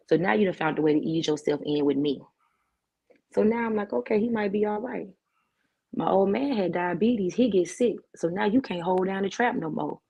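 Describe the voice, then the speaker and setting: A woman's voice: on the low side, creaky, warm tone, slightly rough, highs cut off. A woman who is a talk show guest, telling her life story vividly with street slang and lots of repetition.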